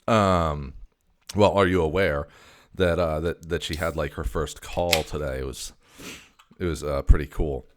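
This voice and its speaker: A man's voice: rumbling low, steady tone, a little slow. A man hosting a comedic casual chat, stammering, cursing and sounding exasperated. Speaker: video host.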